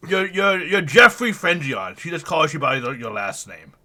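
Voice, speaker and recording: A man's voice: on the high side, big pitch swings, moderate pace, pushed and bright. A man narrating a tabletop game as game master, playfully slipping into character voices.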